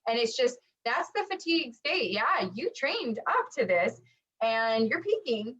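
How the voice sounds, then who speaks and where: A woman co-hosting a running podcast in casual chat, lively and acting out quotes with lots of fillers. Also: fairly high pitch, normal speed, husky. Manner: animated, acts out quotes, many fillers. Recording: dull lo-fi audio.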